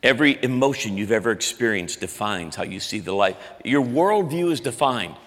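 A man preaching a sermon, swinging between loud emphatic lines and quiet low ones. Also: lively intonation, moderate pace, long reverb tail. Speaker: pastor.

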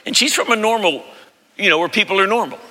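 A man in his fifties preaching a sermon as pastor, telling stories with animated, loud impressions of family voices. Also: high voice, fast talker, background noise. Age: 50s. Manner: animated storytelling, mimics voices loudly. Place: large church sanctuary. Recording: long hall reverb.

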